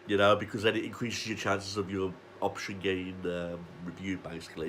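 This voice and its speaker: A man's voice: lowish voice, fairly quick, few pauses, bright, forceful tone, slight background noise. A man, ranting sarcastically and swearing as he reviews a wrestling show. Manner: foul-mouthed, sarcastic ranting.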